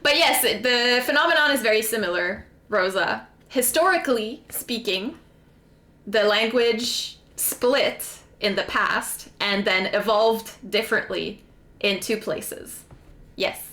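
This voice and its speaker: Bright-voiced Québécoise streamer chatting slowly. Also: female voice, a little high. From Quebec, Canada. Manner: chatty, animated, many fillers. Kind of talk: casual chat while gaming.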